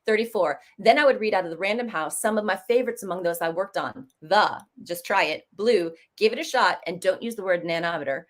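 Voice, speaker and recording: A woman author on a panel, reading a piece aloud and talking about it in an animated, amused way over a video call. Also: brisk, hardly any pauses. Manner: animated, amused, with big pitch jumps.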